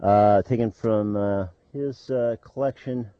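Man, radio host, low voice, halting talk full of ums, dry studio sound, slightly dull audio. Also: clear, resonant tone, no room sound.

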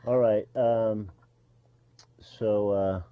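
A man with a fairly low voice hosts a radio show from a studio, talking casually and haltingly with plenty of uh and um. The sound is dry, with a slightly dull tone. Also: fairly even intonation, clear, resonant tone, dry recording. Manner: halting, full of uh and um fillers.

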